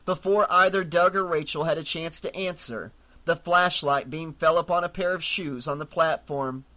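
Horror audiobook narrator, man, bright forceful tone, slightly high. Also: steady tone, moderate pace.

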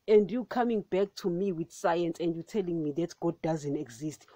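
A woman's voice: fairly low pitch, normal speed, few pauses, mellow, no room sound. A woman hosting a Christian podcast, preaching with fervent emphasis and calling her listeners "guys".

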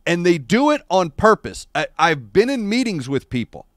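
A man's voice: high-pitched, moderate pace, dry recording, studio quality. Wry, rambling male livestream host. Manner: rambling, wry and animated storytelling. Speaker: show host. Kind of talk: casual livestream chat. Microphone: adjustable streaming microphone.

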